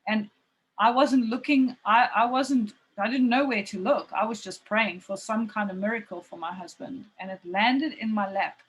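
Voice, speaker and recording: A woman's voice: mid-range voice, moderate pace, slightly rough, poor audio. A woman in her forties, a team coach, speaking on a video call in a heartfelt, emphatic, motivational way. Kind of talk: emotional motivational talk. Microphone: video call mic. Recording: faint background noise on a video call.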